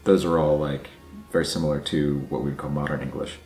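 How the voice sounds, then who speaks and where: Low-voiced guy doing a chatty language vlog, puzzling over words out loud, roomy echo, soft music behind. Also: fairly even intonation, quick pace. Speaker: vlog host, language learner. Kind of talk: casual explainer vlog. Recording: echoey room with faint music.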